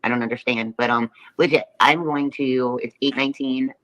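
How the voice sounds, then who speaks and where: A woman's voice: rumbling low, steady tone, normal speed, a bit bright, highs cut off. A woman livestreamer talking casually, rambling through an earnest apology.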